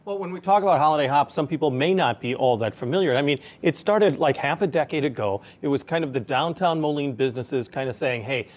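A man's voice: a little high, animated, fast, few pauses. A man hosting a local TV segment, introducing and interviewing a guest in an upbeat, conversational way. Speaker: local TV host.

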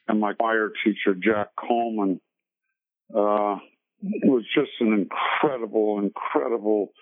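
Older man on a tinny phone line. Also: on the low side. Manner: rambling, many fillers and restarts. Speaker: singer being interviewed. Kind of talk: storytelling interview.

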